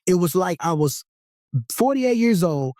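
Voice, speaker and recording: A man's voice: high-pitched, expressive, measured pace, mellow, dry recording, studio quality. A man in his fifties giving a personal faith testimony as an interview guest, speaking with an emphatic, preaching rhythm and repeated phrases.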